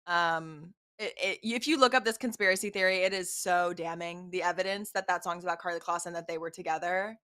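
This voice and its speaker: A woman's voice: on the low side, fairly even intonation, pushed and bright. Gushing, sleepy woman co-host. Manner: gushing, fast, lots of "like". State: sleepy, yawning. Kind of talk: casual celebrity news chat.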